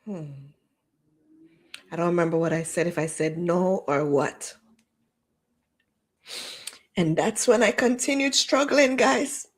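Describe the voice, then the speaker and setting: A woman's voice: fairly low pitch, slow, long pauses. Candid woman telling her story. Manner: candid, emotional, animated retelling with quoted dialogue. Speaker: livestream host. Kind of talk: personal storytelling livestream.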